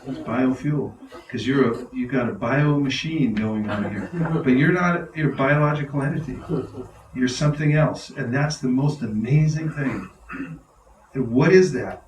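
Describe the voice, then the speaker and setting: A man's voice: medium pitch, unhurried. Enthusiastic man teaching in an echoey hall. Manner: enthusiastic, laughing, animated storyteller. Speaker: spiritual teacher. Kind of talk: devotional talk to an audience. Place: large room with a live audience. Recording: roomy hall, mic far off.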